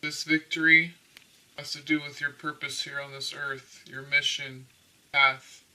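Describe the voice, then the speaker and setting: A man with a very bright, sharp-edged voice talks his way loosely through a tarot reading, tossing in "okay?" between thoughts. His voice sits a little away from the mic. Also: a little high, level tone, measured pace, far from the mic, low-quality recording. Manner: rambling, peppered with "okay?" and laughs. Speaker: tarot reader. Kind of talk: casual spiritual tarot reading.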